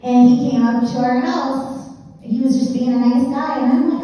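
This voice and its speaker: A woman's voice: high voice, fairly even intonation, moderate pace, warm tone. A woman doing a stand-up comedy set at an open mic, chatty and self-deprecating, with lots of "like"s. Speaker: stand-up comic. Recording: dull, distant, echoey hall sound.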